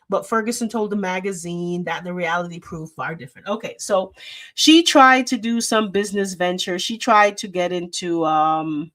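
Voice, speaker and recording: A woman's voice: mid-range voice, fairly bright tone. A woman hosting a livestream, chatting straight to her viewers and reading news articles aloud, with plenty of fillers, into a desk microphone. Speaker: show host. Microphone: desk microphone with a loose cable.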